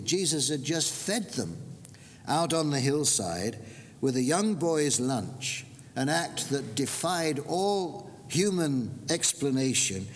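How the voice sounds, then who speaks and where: Man preaching in a reverberant hall. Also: mid-range voice. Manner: measured expository preaching, slowing for emphasis. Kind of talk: sermon. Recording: long reverb with faint background hiss.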